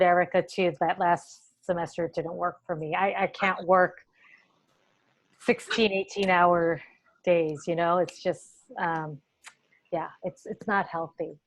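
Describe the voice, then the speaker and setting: A woman's voice: fairly low pitch, low-quality recording. A woman teacher moderating a panel discussion over a video call, earnest and encouraging, often restarting her sentences.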